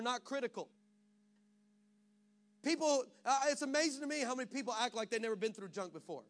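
A man's voice: extremely high pitch, fairly quick, pauses often. A pastor from Texas preaching a sermon, switching between self-mocking stories and a rising, emphatic preaching cadence.

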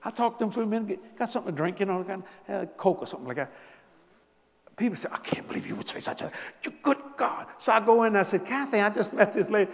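Animated preacher man in a reverberant hall. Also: high-pitched, fast talker, gravelly. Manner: animated, shifts from soft asides to loud bursts. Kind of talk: sermon storytelling.

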